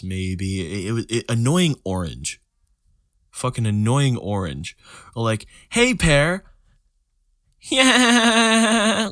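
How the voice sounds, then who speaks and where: Casting: young male podcast host, low voice, dry close sound, rambling profane delivery. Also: a bit bright, no echo. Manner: rambling, profane, restarts words, sings snatches of songs. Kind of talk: solo casual podcast rant.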